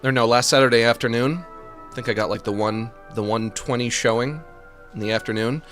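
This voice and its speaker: A man's voice: mid-range voice, fairly quick, fairly bright tone, faint music behind. A man streaming a game, chatting casually and rambling with jokes and self-mocking asides. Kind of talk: casual chat on a live stream.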